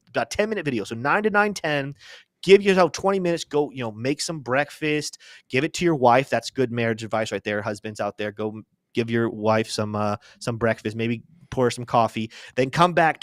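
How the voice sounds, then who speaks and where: A man's voice: medium pitch, no echo. A young man talks through charts on a live crypto stream in a loose, chatty way. He keeps cracking jokes at his own expense. His voice sits in the middle range, and the recording is dry with no room sound. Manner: chatty, joking, self-deprecating asides. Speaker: crypto show host. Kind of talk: casual live-stream market commentary.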